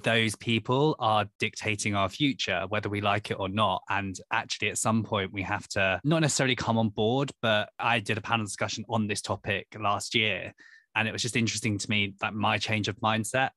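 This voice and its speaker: Guy hosting a podcast, lowish voice but bright and punchy, chatty, teases a bit. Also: fairly even intonation, a little fast, no room sound. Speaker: podcast host, editor. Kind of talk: casual podcast interview.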